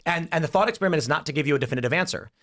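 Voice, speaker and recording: Animated male podcast host, higher voice. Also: rapid-fire. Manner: animated, acts out voices in hypotheticals. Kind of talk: political panel talk.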